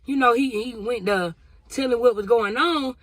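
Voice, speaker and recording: A woman's voice: fairly high pitch, normal speed, dry recording. A woman vlogger sharing a spiritual testimony in a casual, emotional, conversational way, talking straight to her viewers. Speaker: vlogger sharing a prophetic word.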